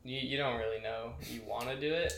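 Bright-voiced young veteran in an echoey room. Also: male voice, medium pitch, fairly even intonation, fairly quick, vocal fry, a little hiss or hum. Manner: profane, laughing storyteller. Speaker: military veteran telling stories. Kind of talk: casual chat.

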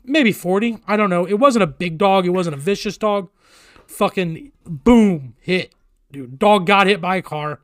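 A man with a high voice tells a story in a casual, heavily profane way, voicing everyone in it with animated energy. The sound is dry and close to the mic, with no room around it. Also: measured pace, no echo.

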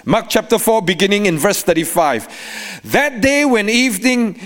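A man preaching a sermon as a guest preacher, animated, with sing-song cadences and frequent laughter. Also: sits high, moderate pace.

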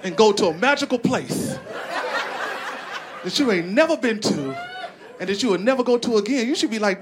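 A man from Arkansas with a Southern accent, doing a profane, animated stand-up set on stage in front of a live audience. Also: normal speed, pauses often. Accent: Southern American. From Arkansas, USA. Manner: animated, profane storytelling with big pitch swings into voiced characters. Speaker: stand-up comedian. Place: large live comedy venue with laughing audience. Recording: live crowd laughter and noise.

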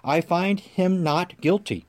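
A man's voice: sits high, slow, a little mellow, pitched above the performer's own voice. A man reading the part of an uneasy Roman governor, pressing and questioning earnestly. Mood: pleading.

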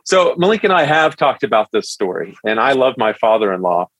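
A man's voice: mid-range voice, brisk, dry recording, low-quality recording. A middle-aged man who is a pastor, guesting on a podcast and telling stories animatedly in a casual interview. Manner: animated storyteller who acts out quotes.

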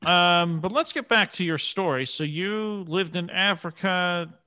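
A man interviewing a guest, telling an anecdote from his past job in a lively way. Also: sits high, unhurried, clean tone, no echo. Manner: storytelling, animated. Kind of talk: casual conversation.

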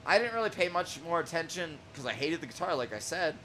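Excitable cussing guy on a podcast, voice jumps all over, bright tone. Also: a little high, quick pace, slight background noise. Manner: profane, excitable, laughs often; shouts out quoted vocals. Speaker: podcast host. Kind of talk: casual chat reviewing music.

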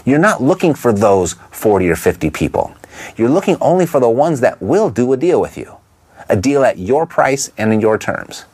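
A man teaching real estate investors how to talk to motivated sellers, in a lively coaching manner that keeps asking the listener rhetorical questions. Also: medium pitch, moderate pace, husky. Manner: briefly imitates a Texan twang. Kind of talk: instructional talk to camera.

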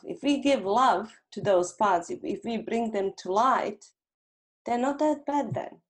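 Gentle reflective woman therapist. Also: a little high, unhurried. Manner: gentle, reflective, acts out inner dialogue. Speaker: hypnotherapist guest. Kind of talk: conversational interview.

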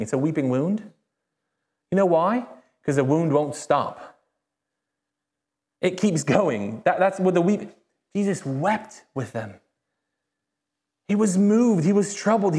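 A man preaching a sermon as a pastor, speaking conversationally and emphatically, with repeated phrases and animated rises. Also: high-pitched. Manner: animated, rises sharply when excited. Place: church.

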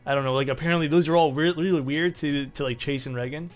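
Animated Canadian man, fairly high voice. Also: fast talker, soft background music. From Ontario, Canada. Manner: animated, rambling, talks over others. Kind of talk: casual chat.

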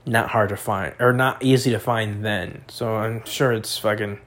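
A young man talking crudely in a rambling casual monologue, full of fillers and slang, tipsy and high. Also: steady tone, measured pace, fairly bright tone.

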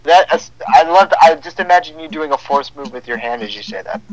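A young man chatting casually as a podcast co-host, with a somewhat high voice. He tells stories in an animated way and acts out what each person said. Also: fairly quick, rough recording. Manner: animated storyteller acting out quoted dialogue. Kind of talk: casual chat.

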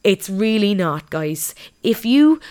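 A woman's voice: medium pitch, very animated, slow pace, darkish tone. A young woman, talking frankly and candidly to her viewers in a casual, sweary monologue.

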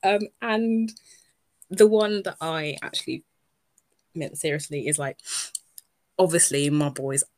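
A woman, co-hosting a casual podcast chat, giggly and animated as she retells scenes. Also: sits low, unhurried, long pauses. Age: 20s. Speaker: podcast co-host.

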